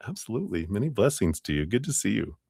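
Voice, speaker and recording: A man's voice: fairly low pitch, creaky, dark tone, slightly rough, no room sound, clean studio sound. A man hosting a live tarot reading stream, bubbly and giggly, breaking into sing-song sounds. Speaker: tarot reader.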